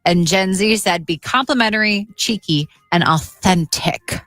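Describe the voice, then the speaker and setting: A woman's voice: medium pitch, unhurried, fairly bright tone, dry recording, faint music behind. Chatty woman radio co-host. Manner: chatty, poses questions to the room. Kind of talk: reading news items on air. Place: radio studio.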